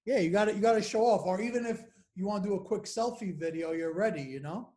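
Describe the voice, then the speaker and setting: A woman's voice: medium pitch, quick pace, dark tone. A woman hosting a podcast, asking questions casually with hesitations and filler words. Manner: casual, hesitant, uses like and you know. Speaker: podcast host.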